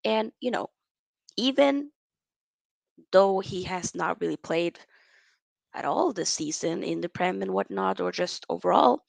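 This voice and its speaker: A woman's voice: on the low side, animated, measured pace, creaky, pauses often, no room sound, rough recording. A woman hosting a casual livestream chat, reading out viewer comments and giving blunt, opinionated takes in casual slang.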